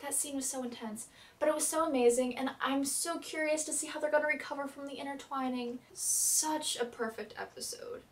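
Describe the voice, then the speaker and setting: A young woman recapping a TV episode as a fan vlogger, gushing and dramatic, with quick swings in loudness. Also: sits high, distant mic.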